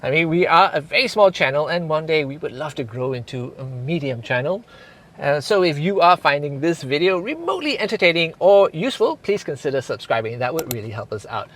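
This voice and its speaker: Man, car reviewer, chatty and informal, very lively pitch, slightly high voice. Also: fairly quick. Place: beside and inside a car.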